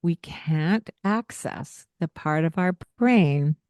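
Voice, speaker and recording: Woman podcast co-host, unhurried and earnest, low voice, dry close mic. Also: expressive, darkish tone, no room sound. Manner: earnest, explanatory, with frequent light laughs. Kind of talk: casual podcast chat.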